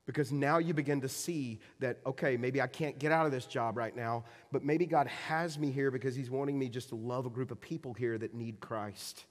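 A male pastor preaching a conversational sermon, joking with the congregation and swinging between quiet and loud. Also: medium pitch, steady tone, normal speed, hardly any pauses. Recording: reverberant hall sound.

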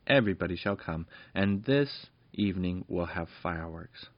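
A man's voice: sits low, animated, moderate pace, no room sound. A man voicing a kindly fairy lord and father in a genial, stately storybook reading, on a dull lo-fi recording.

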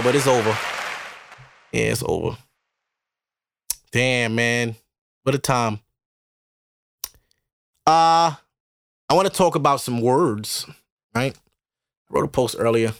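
This podcast host from Brooklyn rants casually in a New York accent, cursing and sounding exasperated as he rambles on. His mid-range voice has a fairly bright tone, with studio-quality sound and no room echo.

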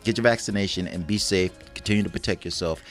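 A man co-hosting a casual chat show, animated and laughing, talking in loose street slang. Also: low-pitched, fast, soft background music. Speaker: co-host.

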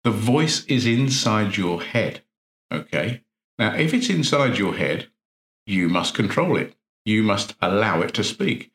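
A man's voice: on the low side, big pitch swings, measured pace, a bit bright. A man, an NLP coach, giving an earnest motivational talk full of rhetorical questions and repeated phrases. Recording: roomy echo.

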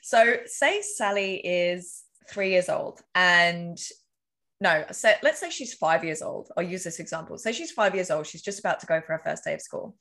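A woman's voice: lowish voice, animated, normal speed, a bit bright. A woman as an interview guest, talking earnestly and casually, walking through examples, with the odd swear word. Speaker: podcast guest.

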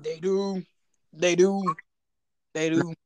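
A woman's voice: fairly low pitch, slow pace, slight background noise. A woman hosting a podcast, chatting casually and teasing her guests with plenty of swearing. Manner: animated, profane, teasing. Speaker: podcast host. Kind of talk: casual chat.

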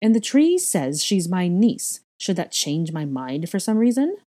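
A woman's voice: sing-song, measured pace, dark tone. A woman voicing a gleeful, bloodthirsty witch who giggles and spits her words, in a storybook reading. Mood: mocking. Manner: shrill, giggling, spiteful.

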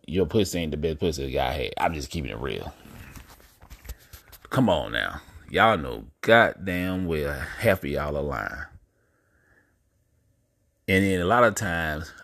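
A man hosting a podcast, talking to his listeners in a blunt, profane, casual monologue. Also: low voice. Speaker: podcast host.

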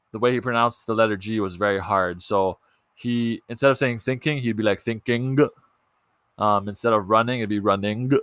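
A man's voice: on the low side, bright, forceful tone, no echo. A young man hosting a casual movie podcast, chatty and loose, with lots of ums and restarts. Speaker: podcast host.

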